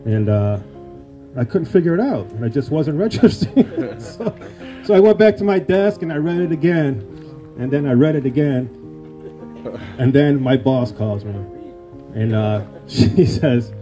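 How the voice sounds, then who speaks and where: A man's voice: mid-range voice, expressive, moderate pace, dark tone, faint music behind. A man telling a rambling, self-deprecating story in an acceptance speech at a hall of fame induction. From Illinois.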